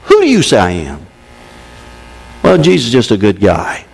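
A man preaching a sermon to a congregation, emphatic, with sudden swings between loud and hushed delivery. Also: fairly low pitch, huge pitch swings, moderate pace, vocal fry, husky. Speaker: pastor. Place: church service.

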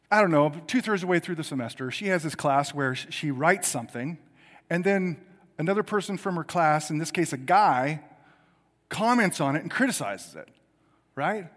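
A middle-aged male pastor delivers a sermon in an animated, conversational style. His voice sits a bit high and swings widely in pitch, punching some lines hard and dropping others almost to a murmur. The sound carries a long church-hall reverb. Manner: animated, conversational preaching with sudden loud emphasis and quiet asides.

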